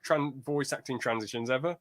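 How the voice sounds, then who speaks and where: A man hosting a podcast in casual, rambling chat, getting animated when he tells a story. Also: mid-range voice, fairly quick. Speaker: podcast host.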